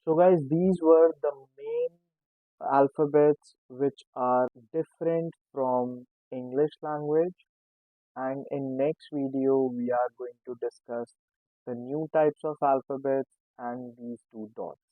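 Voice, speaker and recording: A male teacher walks beginners through a lesson at a slow, deliberate pace and says every example word twice. His voice comes through thin and narrow, like a phone line, in a dry, close recording. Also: medium pitch, steady tone, no room sound. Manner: slow and explanatory, repeating each word. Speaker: German language teacher. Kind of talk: casual spoken lesson. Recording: tinny phone-like sound, dry.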